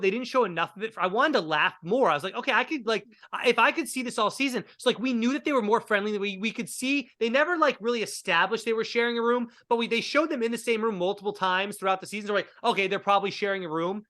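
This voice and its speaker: Casual male host, bright edgy tone, stammery restarts. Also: sits high, fast, few pauses. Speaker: podcast host. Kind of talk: casual chat.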